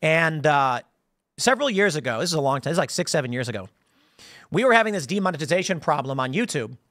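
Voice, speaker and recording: American guy with a high voice doing a rambly political commentary rant, lots of restarts, dry studio sound. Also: quick pace, no room sound. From United States. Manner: rambling, animated storytelling with frequent restarts and laughs. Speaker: political commentary show host. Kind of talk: casual political commentary monologue.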